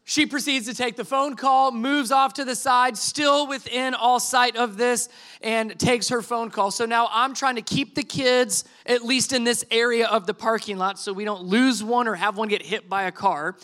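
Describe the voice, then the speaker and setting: A man in his thirties preaches through a comic family anecdote, voice pitched high and ringing bright. He acts out each line of dialogue and pokes fun at himself as the story builds toward its lesson. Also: moderate pace. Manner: animated storytelling, acts out quotes, self-deprecating asides. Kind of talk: sermon illustration told as a story.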